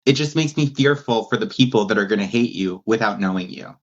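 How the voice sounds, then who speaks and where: A tender, reassuring mother speaks calmly, as a man quotes her in a slightly higher voice. She sounds gentle and protective, and the audio is a little muffled and lo-fi. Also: a little fast, lightly acted. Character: loving, worried mother, calm and tender. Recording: dull lo-fi sound.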